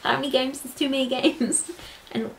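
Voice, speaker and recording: A woman chatting casually with her husband at home, giggly and soft-spoken. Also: sits high, fairly even intonation, moderate pace, gravelly, slight background noise. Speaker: vlogger's wife. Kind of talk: casual chat. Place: home bedroom.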